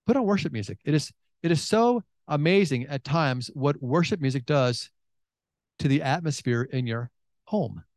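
Man preaching, fairly high voice, chatty and joking, acts out prayers with big jumps in pitch, dry sound. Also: lively intonation, normal speed, darkish tone, no room sound. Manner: chatty and joking, many restarts. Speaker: pastor. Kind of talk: sermon.

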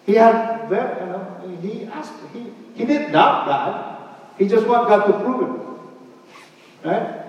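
High-voiced man preaching in an echoey hall. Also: slow pace, long pauses. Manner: lively, questioning the congregation with frequent "right?" and "huh?". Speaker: pastor. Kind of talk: sermon. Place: church hall. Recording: echoey hall, distant and dull.

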